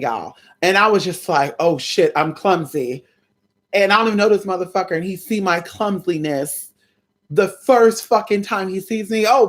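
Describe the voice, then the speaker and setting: A young adult woman telling her viewers a story in a casual, animated way. She swears freely and keeps calling them y'all. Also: fairly low pitch. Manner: animated, chatty, profane, addresses viewers as y'all. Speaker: spiritual content creator.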